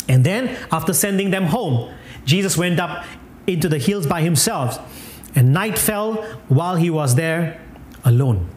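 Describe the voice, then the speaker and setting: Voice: medium pitch, animated, measured pace, a little mellow, slight background noise. A preacher giving a sermon, emphatic, repeating key phrases and chuckling now and then. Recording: echoey room.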